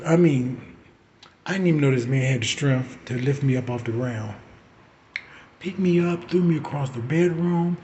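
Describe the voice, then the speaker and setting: A man in his forties telling a personal story in a casual, animated way, swearing and acting out what people said. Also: medium pitch, unhurried, long pauses, a little hiss or hum. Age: 40s. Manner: animated, profane, acting out quotes. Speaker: vlogger.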